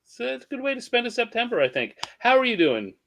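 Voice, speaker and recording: A man co-hosting a casual podcast, joking with his co-host and then calmly laying out the episode plan over a remote call. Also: very high voice, fast talker, creaky, dry recording. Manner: playful, jokey banter; organized, walks through the plan.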